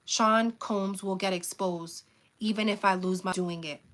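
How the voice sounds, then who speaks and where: A woman hosting a live stream, reading a memoir aloud with frequent stumbles and self-corrections, pausing to plead with her viewers. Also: medium pitch, steady tone, a bit bright, a little hiss or hum. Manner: earnest pleas to viewers, frequent "um". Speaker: channel host reading a book aloud.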